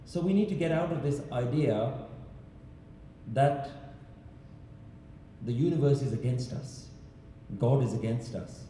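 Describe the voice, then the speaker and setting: Guy preaching in a big temple hall, deep mellow tone, really echoey and far off the mic. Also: a little hiss or hum. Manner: storytelling with rhetorical questions. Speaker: religious speaker. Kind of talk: sermon-style talk.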